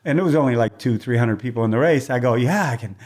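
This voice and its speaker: A man's voice: mid-range voice, quick pace. An older man, a race announcer as a guest, telling stories from his career in chatty, casual conversation and acting out what people said. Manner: lively storyteller who acts out quoted dialogue; chatty, with restarts and throat clearing.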